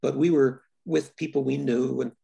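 Gravelly older man, thoughtful and halting. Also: medium pitch, steady tone, dark tone. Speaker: filmmaker guest. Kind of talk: reflective interview answers.

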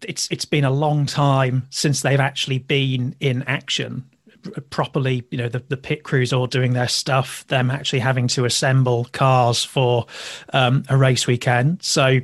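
A man's voice: mid-range voice, little pitch movement, a little slow, dry recording. Rambling Yorkshire man, dry close sound. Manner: rambling, with many restarts and asides. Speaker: podcast guest, magazine editor. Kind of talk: casual chat.

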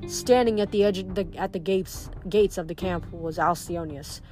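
A woman reading a novel aloud, steady with small slips. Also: fairly low pitch, normal speed, soft background music. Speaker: reader. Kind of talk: audiobook reading.

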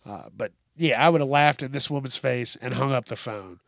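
A man's voice: mid-range voice, moderate pace, creaky, no room sound, clean studio sound. A man hosting a casual solo news podcast, swearing freely and laughing as he rants about odd stories. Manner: profane, animated and laughing often. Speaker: podcast host.

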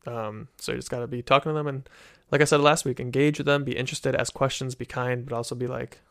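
A man's voice: medium pitch, steady tone, fast, vocal fry, fairly bright tone. A man hosting a Christian teaching talk, speaking casually with many restarts and "right?" tags, from a desk with a microphone. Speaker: Christian teacher, podcast host. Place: room with desk and bookshelf. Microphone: studio microphone.

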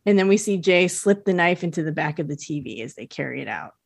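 A woman's voice: fairly low pitch, lively intonation, fast, creaky, husky, no echo. A woman co-hosting a podcast, recapping a TV episode in chatty, enthusiastic casual talk. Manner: chatty, enthusiastic, laughs easily. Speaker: podcast co-host.

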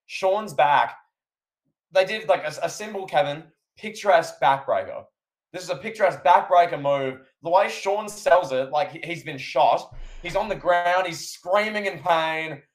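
A man's voice: on the high side, moderate pace. A man co-hosting a podcast, recapping a wrestling match in casual chat and acting out the commentators' lines. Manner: animated, acts out commentators' lines. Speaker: podcast co-host.

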